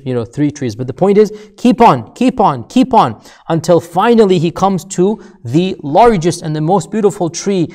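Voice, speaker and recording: A man delivers a sermon-style lecture in a fairly high voice. He tells the story with growing emphasis, repeats key words as he builds up, and turns to his listeners with direct rhetorical questions. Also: warm tone. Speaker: Islamic lecturer.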